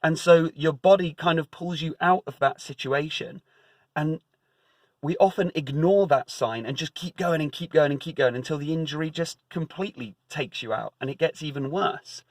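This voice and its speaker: A man's voice: a little high, normal speed, dry recording. A man giving a casual, emphatic spiritual talk, conversational with many repeats and fillers.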